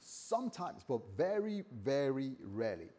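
A man preaching a morning sermon as pastor, repeating phrases and swinging between loud and soft. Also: medium pitch, moderate pace. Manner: lively, repetitive preaching with sudden loud and soft turns.

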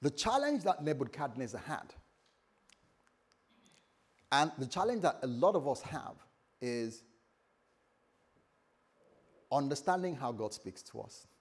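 Lively preaching pastor, husky voice. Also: male voice, mid-range voice. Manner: lively, repetitive preaching with sudden loud and soft turns. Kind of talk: sermon.

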